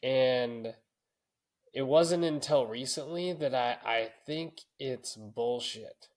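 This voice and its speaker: A man's voice: mid-range voice, slow. Profane storytelling podcast co-host man. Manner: profane, storytelling, laughs often. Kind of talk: casual podcast chat.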